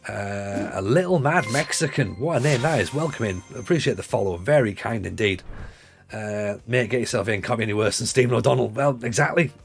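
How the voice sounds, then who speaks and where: A man's voice: fairly low pitch, brisk, vocal fry, faint music behind. A man in his forties with a Northeast English accent, chatting casually and rambling on a livestream, laughing easily. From Northeast England. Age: 40s.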